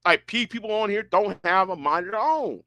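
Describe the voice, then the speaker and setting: A man's voice: sits high, animated, a little fast, bright, forceful tone, dry recording, dull audio. A man chatting casually and rambling, often stumbling and restarting his words, with a broad sound. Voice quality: stammering, many restarts. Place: Houston, Texas.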